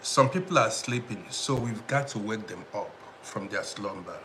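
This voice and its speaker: A man chatting casually on his own live stream, his voice bright and forceful. He greets viewers one by one and circles back over the same points, with a faint hiss of noise underneath. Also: lowish voice, animated, moderate pace. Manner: greets viewers by name, repeats himself. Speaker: livestream host.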